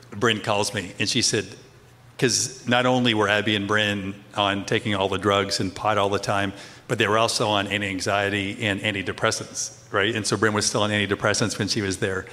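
A man's voice: lowish voice, fairly even intonation, normal speed, a bit bright, in a large hall. A middle-aged man, a father, sharing a story earnestly as co-host of a casual chat.

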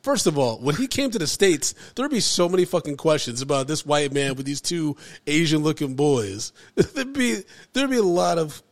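Podcast guy ranting in disbelief, swears a lot, voice a bit high. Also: big pitch swings, normal speed, hardly any pauses. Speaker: podcast co-host. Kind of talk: casual chat.

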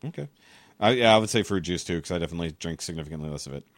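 Low-voiced blunt podcast host. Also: male voice, expressive, racing, no echo. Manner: profane, blunt. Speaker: podcast host reading questions. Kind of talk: casual podcast chat.

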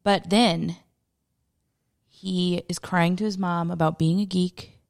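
A woman's voice: fairly low pitch, fairly even intonation, slow pace, vocal fry, darkish tone. A woman co-hosting a podcast, chatting casually and laughing as she recaps a movie, swearing freely. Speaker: podcast co-host.

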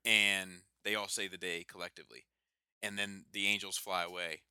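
Man, casual comic chat, bright tense voice, dry close sound, animated storyteller. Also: low voice, moderate pace, clear, resonant tone, no room sound. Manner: animated storyteller, reads out lines with laughs and swearing.

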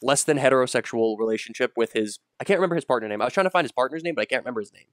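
A man's voice: mid-range voice, rapid-fire, no room sound, clean studio sound. A man hosting a casual gaming podcast, rambling with lots of fillers and restarts as he talks through his picks. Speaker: podcast host.

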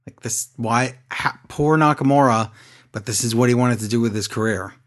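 A man in an easygoing podcast chat, recapping at a quick, lively clip. His voice leaps up and drops down as he gets worked up, shifting between excited bursts and mutters. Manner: excitable, animated storytelling with sudden pitch jumps. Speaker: podcast co-host. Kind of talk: casual wrestling recap chat.

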